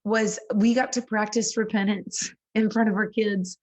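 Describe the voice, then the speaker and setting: A woman in her thirties talks with a songwriter's earnestness, her voice at a middle pitch. She speaks in a lively, conversational way and breaks into quick laughs. Her sentences are full of casual fillers. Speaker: singer-songwriter guest.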